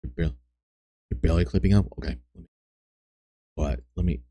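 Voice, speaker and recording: A man streaming, chatting softly and bluntly with viewers on a close microphone, teasing and swearing. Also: low voice, fast, husky, dull audio. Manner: blunt, profane, teasing chat. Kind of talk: soft-spoken ASMR stream chat. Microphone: close desk microphone.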